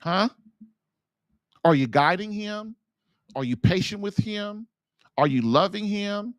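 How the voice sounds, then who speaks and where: A man's voice: high-pitched, expressive, takes it slowly, no room sound. A man hosting a podcast, delivering an impassioned religious monologue full of rhetorical questions and repeated phrases. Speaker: podcast host and marriage coach.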